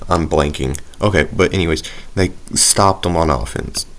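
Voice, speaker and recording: A young man on YouTube commentates his football video game session in a loose, rambling way, hesitating often, using many fillers, and putting himself down. His voice rumbles low but is a bit bright, at a moderate pace.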